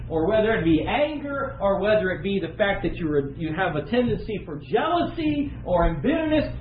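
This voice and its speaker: Animated male pastor in an echoey hall. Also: extremely high pitch, slight background noise. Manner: animated storytelling, acting out the people in the story. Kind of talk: sermon. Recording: dull echoey recording in a large room.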